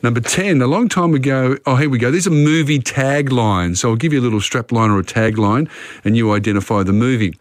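A man hosts a call-in radio quiz in a dry studio sound with no room around him. His pitch sits mid-range, and he talks casually, reading each question and then chatting it through. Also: brisk, dry recording.

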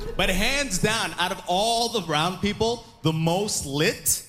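A man's voice: high-pitched, measured pace. A young man performing a stand-up comedy set, acting out the voices of the people he quotes. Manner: animated, acts out quoted voices, laughs through lines.

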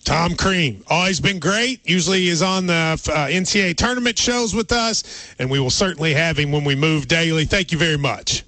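Male sports radio host, from the south, teasing, bright high voice, dry sound. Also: no echo. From American South. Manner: teasing, quick to cut in.

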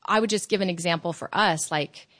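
A woman being interviewed as a guest author, telling stories in an animated, chatty way. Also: lowish voice, a little fast. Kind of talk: casual interview chat.

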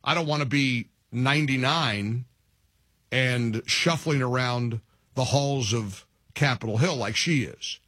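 A middle-aged man hosting a talk radio show, mocking and animated, laughing at his own jokes. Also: medium pitch, takes it slowly, slightly rough, dry recording, clean studio sound. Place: radio studio.

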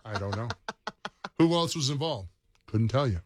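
A man's voice: medium pitch, expressive, normal speed, no echo, studio quality. A man chatting as a guest on a radio show, telling wry, joking stories. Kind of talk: casual chat. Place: radio studio.

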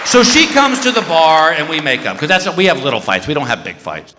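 An animated male stand-up comic with a high, bright voice that leaps all over the place as he acts out his own screams. He plays the story out on a stage mic in a big hall with a long ringing reverb. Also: fairly quick, a crowd in the background, noisy background. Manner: animated, acting out shrieks and voices. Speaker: stand-up comedian.

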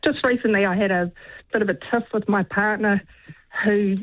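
A woman's voice: medium pitch, steady tone, moderate pace. A woman calling in to a radio show, speaking frankly about her partner. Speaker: caller. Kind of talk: casual phone-in chat. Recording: tinny phone line.

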